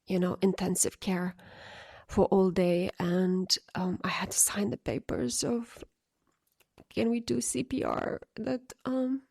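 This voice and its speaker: A woman podcast host telling a personal story in a halting, emotional way, with many pauses and fillers. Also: medium pitch, steady tone, vocal fry, darkish tone, dry recording, studio quality.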